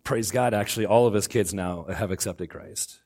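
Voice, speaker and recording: A middle-aged man preaching a sermon as pastor, swinging between loud outbursts and hushed lines. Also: fairly low pitch, normal speed.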